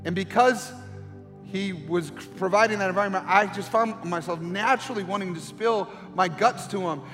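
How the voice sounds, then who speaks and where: A middle-aged male pastor with a notably high voice, preaching through personal storytelling that swells into impassioned pleas. His sermon rings with a long reverb, as though he is in a large church sanctuary. Soft music sits faintly underneath him. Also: normal speed.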